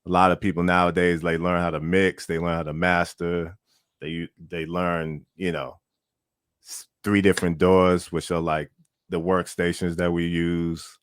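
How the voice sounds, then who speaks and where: A man with a very low voice talks as a guest on a podcast. He rambles in a relaxed way and fills pauses with "uh" and "you know". The sound is close and dry. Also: smooth, no echo. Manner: relaxed, rambling, many fillers. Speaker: musician guest. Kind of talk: casual interview chat.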